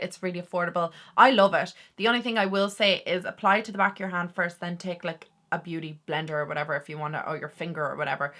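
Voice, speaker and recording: A woman's voice: lowish voice, pushed and bright. A young woman with a chatty, enthusiastic manner, casually reviewing makeup products to camera. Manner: chatty, enthusiastic, quick asides. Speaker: beauty vlogger.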